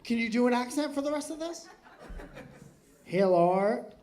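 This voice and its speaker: Brash, foul-mouthed comedian working a crowd. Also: male voice, extremely high pitch, quick pace, background noise. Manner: brash, profane, joking with the audience. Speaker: stand-up comedian doing crowd work. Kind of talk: live crowd-work banter. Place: comedy club stage with audience. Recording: live club recording with loud crowd. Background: crowd laughter.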